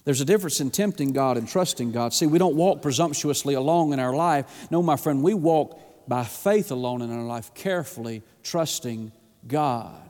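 A man's voice: mid-range voice, moderate pace, a little mellow. A man preaching a sermon in a folksy, emphatic way, often calling out "my friend". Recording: long hall reverb.

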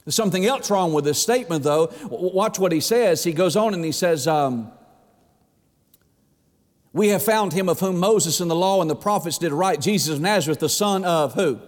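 Preacher with a high, ringing voice. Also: male voice. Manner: preaching with swings in pitch, drawn-out emphasis, rhetorical questions. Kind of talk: sermon. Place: church sanctuary. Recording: long hall reverb.

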